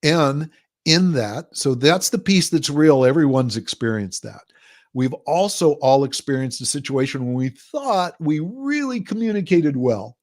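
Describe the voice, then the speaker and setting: A man's voice: on the high side, animated, measured pace, darkish tone. Man explaining at length in an interview. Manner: explains at length, acts out quoted people in a livelier voice. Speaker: guest. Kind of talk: conversational podcast interview.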